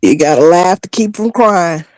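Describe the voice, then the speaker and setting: A woman's voice: lowish voice, lively intonation, normal speed, darkish tone, dry recording. A woman in a congregation, chatting and laughing on a live online call. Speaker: congregation member. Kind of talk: casual chat on a live call.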